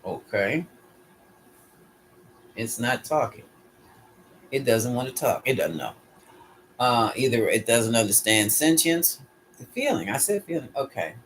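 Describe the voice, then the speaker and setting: A man's voice: medium pitch, big pitch swings, a little slow, pauses often, a bit bright, a little hiss or hum. A man giving a casual solo tarot reading, musing aloud and putting questions to his pendulum. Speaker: tarot reader.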